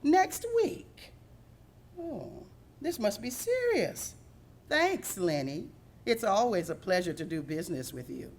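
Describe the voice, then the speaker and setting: A woman's voice: low-pitched, expressive, fairly quick, darkish tone. A woman voicing a bold young female dog, sassy and demanding. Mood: excited.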